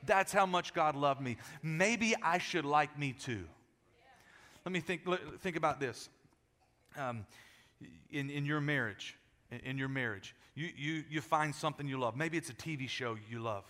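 A high, bright male voice rings out through a large church, with a long hall echo behind it. He is a pastor preaching a lively sermon, joking with his congregation and often repeating words as he gets going. His delivery is animated and playful. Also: normal speed. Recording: echoey hall.

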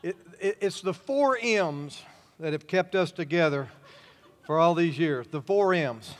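Older man preaching, high-pitched, folksy and homespun, long hall reverb. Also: lively intonation, measured pace. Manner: folksy, warm-hearted storytelling with chuckles. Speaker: pastor. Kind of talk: sermon.

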